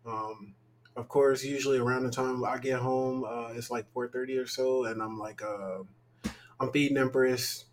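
A man's voice: mid-range voice, fairly even intonation, moderate pace, a little hiss or hum, rough recording. A young man co-hosting a casual podcast, sounding tired as he rambles candidly, with lots of fillers. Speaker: podcast co-host.

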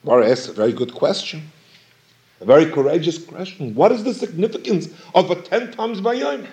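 Animated male rabbi giving a Torah lecture. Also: a little high, fairly quick, dull audio. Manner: questioning, emphatic, repeats phrases for stress. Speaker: rabbi teaching Talmud.

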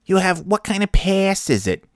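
An insistent front-desk woman with a thick New Hampshire accent pushes her question in a raised, nasal voice, as a man puts her on. She talks slowly, and the sound is dry and close. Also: high-pitched, big pitch swings, dry recording, voice pushed up. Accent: New Hampshire, exaggerated. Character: pushy adult woman at a trampoline park front desk.

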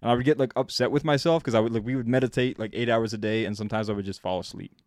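A man's voice: mid-range voice, steady tone, very fast, a little mellow, dry recording, clean studio sound. A man co-hosting a casual podcast, telling a story at an easy pace with many fillers. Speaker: podcast co-host.

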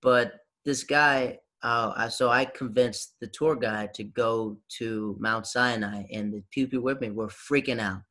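A man in his thirties from the American South, chatting casually and telling animated stories. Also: mid-range voice, measured pace, hardly any pauses. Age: 30s. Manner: animated storyteller, acts out quoted voices. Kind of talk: casual chat.

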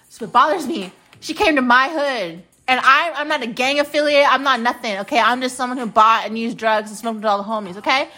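A woman's voice: on the high side, a little fast, few pauses, sharp tone, poor audio. A woman in her late twenties hosting a podcast, telling a personal story in a blunt, profane, heated rant. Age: late 20s. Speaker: podcast host.

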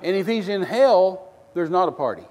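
A male missionary preacher delivering a sermon, telling folksy stories with bursts of loud outrage. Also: high-pitched, animated, moderate pace, in a large hall.

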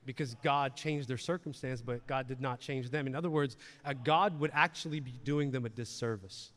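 A man's voice: medium pitch, normal speed, a bit bright, big-room sound. A man preaching a sermon in a conversational way, repeating words and asking the audience questions. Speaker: pastor. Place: church hall.

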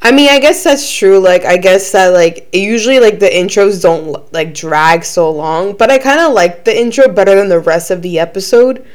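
Young woman, 20s, podcast host; loose chatty delivery, frequent cursing, mid-pitched voice. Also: moderate pace, hardly any pauses. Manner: chatty, swears a lot, many ums and likes. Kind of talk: casual chat.

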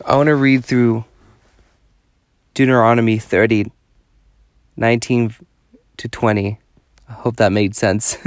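A man's voice: mid-range voice, flat delivery, measured pace, long pauses, no echo, studio quality. A man preaching a devotional sermon, pleading with his listeners in an earnest, exhorting way.

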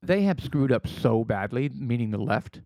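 A man co-hosting a casual political chat in a blunt, animated way, swearing often. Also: medium pitch, normal speed, no room sound. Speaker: podcast co-host.

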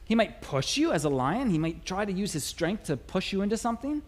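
A man preaching a sermon in a church, animated and conversational with playful asides. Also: high-pitched, brisk. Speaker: pastor. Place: church sanctuary.

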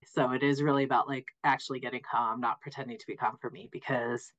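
A woman's voice: very deep voice, steady tone, fast. A woman guest on a podcast, chatting casually in a bubbly way and laughing often. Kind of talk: casual chat. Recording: slightly muffled lo-fi audio.

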